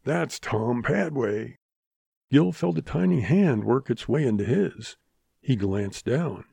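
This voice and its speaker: A man narrating a western novel as an audiobook in a steady, measured reading. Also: mid-range voice, creaky, husky, no echo.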